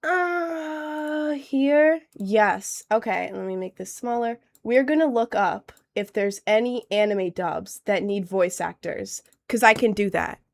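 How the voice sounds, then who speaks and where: A woman's voice: medium pitch, gravelly. A woman in her late teens with a cold, chatting casually on a livestream in a stuffy, slightly nasal voice, bubbly and rambling. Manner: bubbly, rambling, quick to laugh. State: has a cold. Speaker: streamer.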